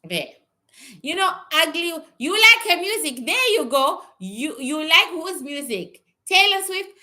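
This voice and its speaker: A woman's voice: extremely high pitch, big pitch swings, measured pace, pushed and bright. A woman talking casually on a livestream as a psychic reader, answering viewers bluntly and with some swearing, often repeating herself.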